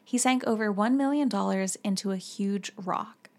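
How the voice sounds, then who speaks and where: A young woman hosts a podcast in a relaxed, chatty way. Her speech is full of casual fillers. Her voice is a bit sore and hoarse. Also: medium pitch, normal speed. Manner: chatty, filler-heavy, with many "like"s. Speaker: podcast host. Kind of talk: casual chat.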